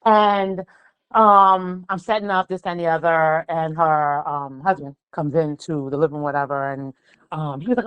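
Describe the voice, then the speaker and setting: A woman's voice: lowish voice, fairly quick, smooth, no echo, muffled recording. A woman from the Bronx. She is a guest and tells stories in a casual chat, acting out the people she quotes. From the Bronx, New York. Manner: animated storyteller, acts out quoted voices. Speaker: guest, pastry chef. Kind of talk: casual conversation.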